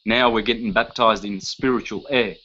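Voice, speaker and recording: Emphatic male lecturer with a bright tone. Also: lowish voice, fairly even intonation, normal speed, lo-fi sound. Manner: emphatic, listing terms one by one, rhetorical questions. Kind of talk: lecture to a live audience.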